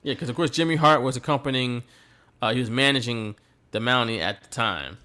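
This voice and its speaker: A man's voice: medium pitch, a little fast, pushed and bright. A man hosting a podcast who tells stories animatedly and laughs often. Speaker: podcast host. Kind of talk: casual chat recapping wrestling.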